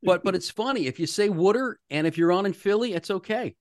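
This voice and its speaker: A man's voice: high voice, fast talker, no room sound, clean studio sound. A man who works as a radio host, telling stories in a casual podcast chat, earnest and full of restarts. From Philadelphia area. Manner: storytelling, earnest, many restarts.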